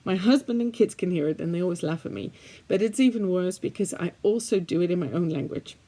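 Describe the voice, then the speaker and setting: With a lowish, mellow voice and a brisk pace, a Dutch art vlogger from the Netherlands chats casually to her viewers. She speaks English with a faintly British-leaning Dutch accent, though Dutch is her native language, and she's chatty and self-deprecating with plenty of fillers.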